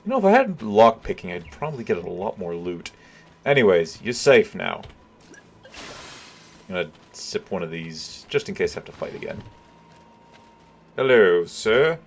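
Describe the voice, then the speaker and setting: A man giving relaxed, chuckling commentary while playing a video game for viewers. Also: sits low, normal speed, vocal fry, a little hiss or hum. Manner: laid-back, chuckling, talking to viewers. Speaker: let's play gamer. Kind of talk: casual gameplay commentary.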